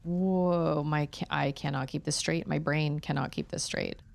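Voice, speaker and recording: A woman's voice: deep voice, fairly even intonation, measured pace, creaky. A woman streamer chatting casually and thinking aloud while she plays a game. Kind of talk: casual gameplay chat.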